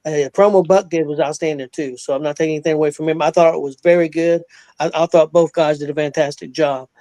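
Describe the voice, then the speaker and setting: A man hosts a casual talk show, fairly high-pitched, his speech halting and full of small fillers. The sound is dry and close, with no room around it. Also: fairly even intonation, mellow, no room sound. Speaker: podcast host. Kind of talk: casual chat.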